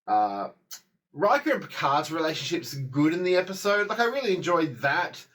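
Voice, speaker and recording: A man's voice: on the high side, sing-song, moderate pace, fairly bright tone. A man giving a casual spoken review of a TV episode, rambling, with many fillers and restarts.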